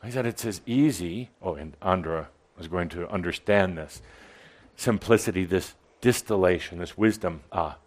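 Guy doing a spiritual talk to a crowd, teasing and playful, big pauses, gets loud then goes soft. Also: sits low. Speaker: channeling speaker. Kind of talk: channeled spiritual talk to an audience.

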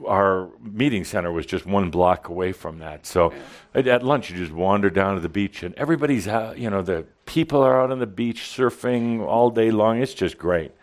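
A man's voice: fairly low pitch, expressive, normal speed, hardly any pauses. A man hosting a show in casual chat, rambling with many fillers and chuckles. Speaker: host.

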